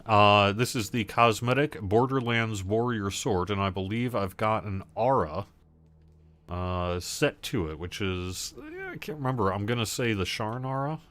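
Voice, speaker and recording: Low-voiced man hosting a gaming livestream. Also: big pitch swings, measured pace, a bit bright. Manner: loose and rambling, answering chat questions. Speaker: livestream host. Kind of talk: casual livestream chat while gaming.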